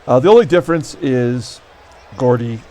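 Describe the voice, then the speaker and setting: A man hosting his channel, talking casually and wryly through his tabletop baseball replay, with many fillers and sudden jumps in pitch. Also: moderate pace, a little hiss or hum. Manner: chatty, wry, frequent fillers, animated pitch jumps. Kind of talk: casual solo commentary.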